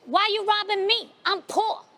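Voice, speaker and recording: A woman's voice: very high-pitched, fairly even intonation, measured pace, bright, forceful tone, voice pushed up, exaggerated voice. A woman voicing a poor Puerto Rican mother who pleads in a mix of Spanish and English. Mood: pleading.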